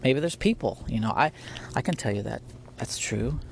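A man's voice: medium pitch, expressive, moderate pace, vocal fry, a little hiss or hum. A man hosting a podcast, talking casually and earnestly about faith, rambling with restarts and laughing often. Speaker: podcast host. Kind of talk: casual spiritual talk. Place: at home, near spiders.

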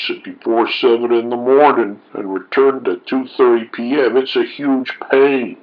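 A man's voice: mid-range voice, lo-fi sound. A man reading forum posts aloud with folksy, mock-indignant sarcastic commentary.

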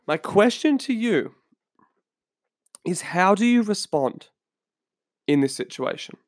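Australian male podcast host, fairly high voice, close dry mic, faint guitar behind, earnest storyteller. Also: very animated, slow pace, no room sound. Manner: earnest, storytelling, asks listeners questions. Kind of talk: solo podcast talk. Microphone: studio microphone.

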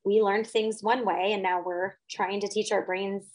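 A woman's voice: medium pitch, flat delivery, moderate pace, low-quality recording. Earnest middle-aged woman teacher. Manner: earnest, reflective, rambling restarts. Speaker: guest, teacher and author. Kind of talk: casual conversation.

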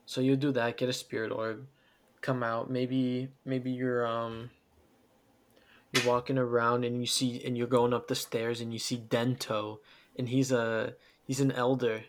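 A man's voice: mid-range voice, level tone, a little slow, a little hiss or hum. A man hosting a casual chat about a video game, telling it as a rambling story with frequent laughs.

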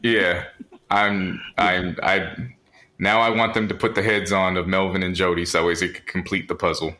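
Male podcast co-host, low voice with a bright edge, relaxed drawling chat. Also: moderate pace. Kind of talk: casual comedic podcast chat.

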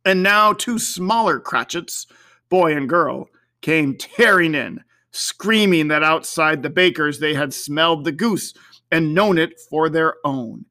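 A reader giving slow, measured, expressive audiobook narration of a classic novel. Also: mid-range voice, no room sound, studio quality.

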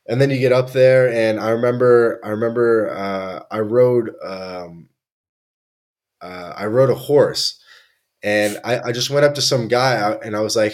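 A man's voice: fairly low pitch, steady tone, unhurried, darkish tone. A young man from Canada, a podcast guest telling travel stories in a laid-back, slangy way with many restarts. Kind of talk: casual chat.

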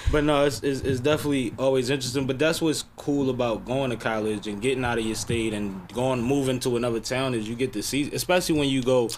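A man hosting a casual podcast chat, relaxed and crude in his joking. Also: medium pitch, quick pace, hardly any pauses, a little hiss or hum. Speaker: podcast host.

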